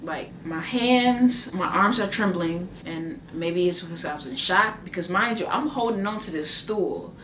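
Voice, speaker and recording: Low-voiced young woman, animated storyteller. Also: a little slow, hardly any pauses. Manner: animated, acts out quoted voices, many "like" fillers. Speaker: new mother. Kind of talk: casual personal storytelling. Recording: echoey room with faint ambient noise.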